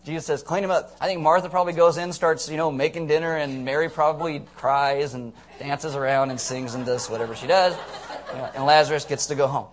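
A young pastor preaches a sermon in a fairly high-pitched voice at a fairly quick pace. He's animated and joking as he tells the story, breaking out in sudden loud shouts.

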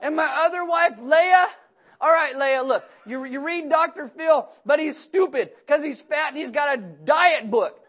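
A man playing a fired-up biblical father who loudly lays down rules for his household in a joking rant. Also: very high-pitched, fast, hardly any pauses, voice pushed up. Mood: fired-up scolding. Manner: loud, scolding, joking rant.

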